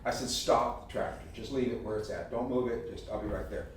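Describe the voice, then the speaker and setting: A man's voice: medium pitch, brisk, slight background noise. Folksy man in an echoey hall. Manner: folksy, animated storyteller acting out quotes. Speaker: speaker giving a talk. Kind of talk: storytelling talk with slides. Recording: echoey hall, heard from a distance.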